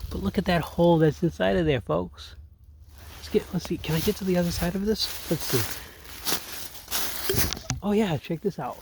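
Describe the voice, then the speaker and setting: Talking casually to camera in the woods, a middle-aged outdoor vlogger speaks in a high voice at a moderate pace, with vocal fry and long pauses. His manner toward viewers is upbeat and earnest, and he often says "folks," while background noise and faint outdoor sounds carry through.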